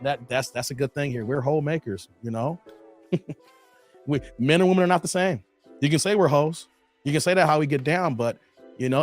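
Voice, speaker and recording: Chatty male livestream commentary host. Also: on the high side. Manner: chatty, reads chat aloud, repeats phrases. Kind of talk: livestream commentary reacting to clips.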